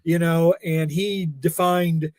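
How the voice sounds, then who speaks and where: A man's voice: on the high side, flat delivery, slow, darkish tone, no room sound. A man co-hosting a casual comics podcast, rambling with many restarts and wry jokes. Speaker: podcast co-host.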